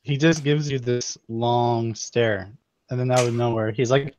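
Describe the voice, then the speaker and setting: A man narrating as game master in a relaxed, wry way. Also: medium pitch, a little slow, a little hiss or hum.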